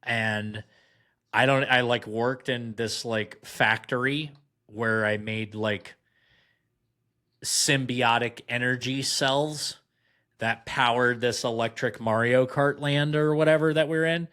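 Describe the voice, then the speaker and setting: A man's voice: medium pitch, slow pace. A young man, a podcast guest, telling a long anecdote in casual chat and acting out what others said. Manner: animated anecdote, acts out quoted voices.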